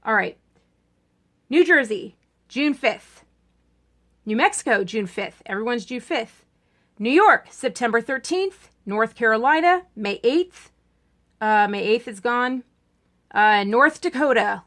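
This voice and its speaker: A woman's voice: fairly high pitch, lively intonation, unhurried, pushed and bright. A woman ranting casually in a political vlog, chatty and sarcastic, rambling with many restarts. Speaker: political vlogger.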